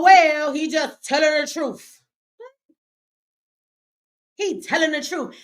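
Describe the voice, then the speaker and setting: A brash woman hosts a casual livestream from her home studio, her voice sitting a little high. She jokes, teases and swears freely as she talks straight to her audience. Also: fairly bright tone. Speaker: livestream host.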